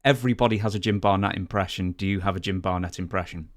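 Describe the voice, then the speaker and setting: Male interviewer. Brisk, plain questioning. Fast and low-pitched, dry sound. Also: steady tone.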